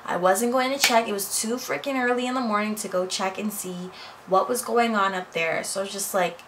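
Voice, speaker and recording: A woman's voice: mid-range voice, brisk, background noise. Chatty woman telling a home story. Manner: animated, chatty retelling with quoted dialogue. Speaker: vlogger. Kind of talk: casual storytime vlog. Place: home office.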